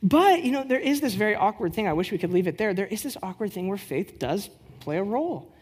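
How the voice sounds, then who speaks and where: Woman, church teaching talk, conversational, rhetorical questions, lively storyteller. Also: mid-range voice, quick pace, husky. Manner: lively storyteller who acts out quoted dialogue.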